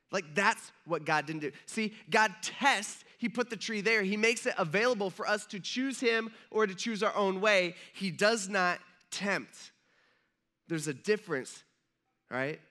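A man's voice: high-pitched, unhurried, sharp tone. A man, a pastor, giving a conversational, joking sermon in a church and asking the audience questions.

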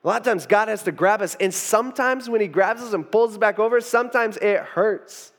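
A pastor with a high, fairly bright voice preaches a little fast, his sermon informal and meandering with frequent "you know" asides and restarts. The room leaves a long reverb tail.

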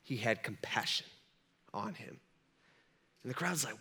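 A man's voice: medium pitch, measured pace, breathy edge. A man preaching a sermon to a live congregation in a casual, conversational way, acting out quoted lines as he goes. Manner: animated, conversational, acts out dialogue. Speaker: pastor.

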